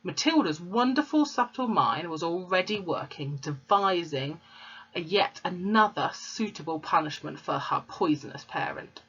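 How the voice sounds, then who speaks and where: A woman's voice: fairly low pitch, lively intonation, normal speed, fairly bright tone, husky. A woman reading a storybook aloud to children and explaining the pictures and words as she goes. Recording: dull lo-fi recording.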